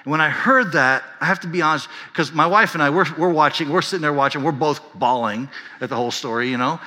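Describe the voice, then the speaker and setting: A man's voice: on the high side, fast, pushed and bright, in a large hall. A pastor in his fifties preaching a sermon, telling a story earnestly and building to impassioned emphasis. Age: 50s.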